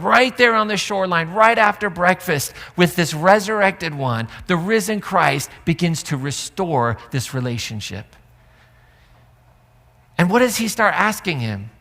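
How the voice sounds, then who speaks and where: Animated, joking male pastor preaching. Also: fairly high pitch. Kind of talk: sermon. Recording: reverberant church sanctuary.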